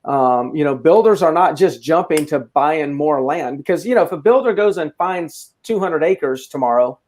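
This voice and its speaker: Higher-voiced man talking real estate. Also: expressive, moderate pace, darkish tone, a little hiss or hum. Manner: restarts sentences, emphatic opinions. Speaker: realtor co-host. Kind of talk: casual market discussion.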